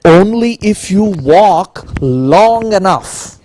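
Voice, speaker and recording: A man's voice: sits high, expressive, slow pace, darkish tone, a little hiss or hum. A man voicing a grinning cat while retelling a fairy tale in a lecture. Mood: teasing.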